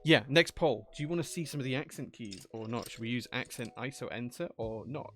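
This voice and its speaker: A man's voice: mid-range voice, brisk, a bit bright. A man streaming live, chatting casually while he builds a keyboard, thinking aloud and answering chat.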